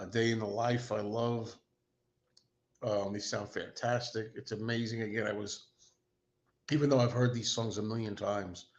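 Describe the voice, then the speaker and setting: A man's voice: lowish voice, lo-fi sound. Rambling man hosting a chatty stream. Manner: rambling, self-deprecating, enthusiastic fan. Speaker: host. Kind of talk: casual livestream chat.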